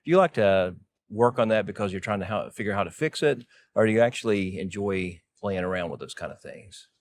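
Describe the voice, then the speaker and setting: Middle-aged Southern US man, low voice, easygoing company executive in casual chat. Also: lively intonation, fairly quick, a little hiss or hum. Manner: easygoing, plainspoken, rambles a little.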